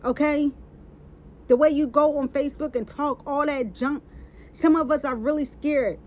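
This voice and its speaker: High-voiced woman ranting with heat. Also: fairly even intonation, moderate pace, darkish tone. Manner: emphatic, repeats points, heated. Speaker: social media personality. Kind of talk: impassioned live-stream rant. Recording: dull lo-fi sound.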